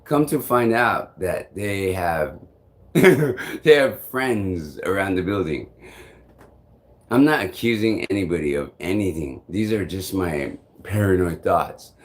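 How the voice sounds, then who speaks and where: Rambling, cussing man with a low voice. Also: expressive, slow pace. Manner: rambling, profane, frustrated. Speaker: vlogger. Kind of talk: casual storytelling to camera.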